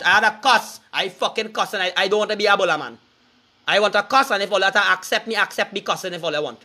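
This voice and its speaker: A man's voice: sits high, fast, sharp tone. A man with a Trinidadian accent delivering an angry, cursing, threatening street rant to his viewers. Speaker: online commentator.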